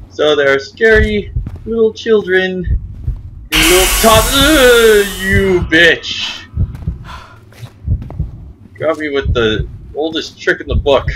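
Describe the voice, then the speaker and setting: A man's voice: on the high side, fairly bright tone, a little hiss or hum, poor audio. A young man hosting his own gaming channel, giving jumpy, frightened commentary on a horror game and muttering to himself.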